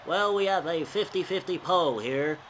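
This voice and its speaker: A man putting on the voice of an excited male wrestling commentator. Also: sits high, normal speed, slight background noise. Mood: hyped. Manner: exaggerated announcer delivery.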